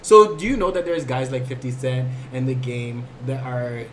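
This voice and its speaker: A man's voice: medium pitch, normal speed. Young man telling stories over background noise. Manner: animated storyteller, pushes back in debate. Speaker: podcast guest. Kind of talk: casual chat.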